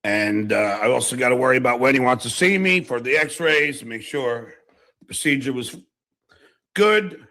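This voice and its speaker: Brief: male podcaster, bright edgy tone, halting rambling delivery. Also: mid-range voice. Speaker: podcast host in a played clip. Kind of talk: casual podcast talk.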